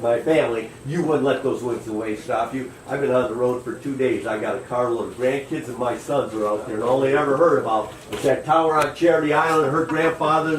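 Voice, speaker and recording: A man's voice: medium pitch, reverberant, distant mic, slight background noise, poor audio. A man who works as a boat captain, telling a long story in a folksy, conversational way and acting out the quotes. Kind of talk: live storytelling.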